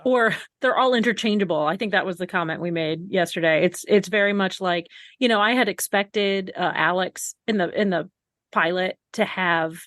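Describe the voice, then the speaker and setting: A woman's voice: mid-range voice, fairly bright tone, dry recording. Wry woman co-hosting a podcast, dry sound. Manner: wry, measured commentary, prone to laughing. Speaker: podcast co-host. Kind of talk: casual podcast chat.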